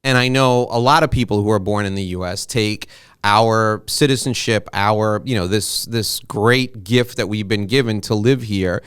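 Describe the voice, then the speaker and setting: Middle-aged guy hosting an interview, smooth clear voice, dry close sound, rambles and restarts a lot. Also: lowish voice, moderate pace, a bit bright, no echo. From United States. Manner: talkative, emotional, many restarts and asides. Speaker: podcast host and interviewer. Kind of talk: casual interview conversation.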